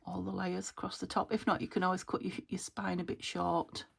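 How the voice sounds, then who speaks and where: A woman's voice: lowish voice, level tone, a little fast, gravelly, husky. A British woman thinking aloud as she demonstrates a craft project, often muttering half-whispered asides to herself. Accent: British English. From United Kingdom. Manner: self-talk, thinking aloud, chuckling. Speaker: crafter demonstrating junk journal making. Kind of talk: chatty crafting tutorial, talking to herself.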